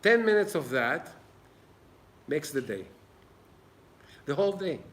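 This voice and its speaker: A man's voice: fairly high pitch, sing-song, slow, a bit bright, slight background noise. A man giving an informal Torah class in an old synagogue, earnest and plain-spoken. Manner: earnest, plain-spoken, acts out little dialogues. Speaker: Torah teacher.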